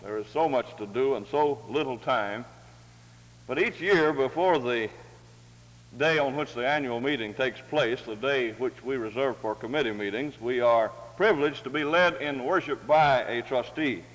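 A man reading scripture aloud and introducing a speaker, with a measured, formal, dignified delivery. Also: mid-range voice. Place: large hall or chapel. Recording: long hall reverb.

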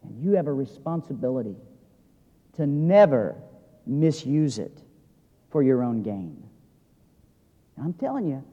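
Male pastor, high voice, earnest sermon, loud-to-quiet swings, long hall reverb. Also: muffled recording. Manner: earnest, shifting from loud emphasis to quiet intensity.

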